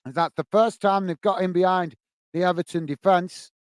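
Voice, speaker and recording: A man's voice: high-pitched, fairly even intonation, moderate pace, dry recording. A man hosting a football watch-along stream, giving friendly play-by-play and chatting with viewers as he goes. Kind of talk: live match commentary while greeting chat viewers.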